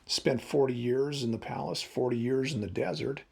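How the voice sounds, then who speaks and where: A man in his fifties with a gravelly, husky voice, preaching in an easy, conversational way. He keeps a wry, humorous edge as he works through the story. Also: mid-range voice, normal speed, a little mellow. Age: 50s. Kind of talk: devotional talk.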